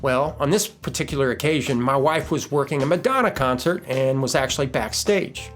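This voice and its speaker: A middle-aged man hosting a podcast, casually walking through a recipe and telling a story in a relaxed, folksy way with filler words. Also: mid-range voice, fairly quick, faint music behind. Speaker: podcast host.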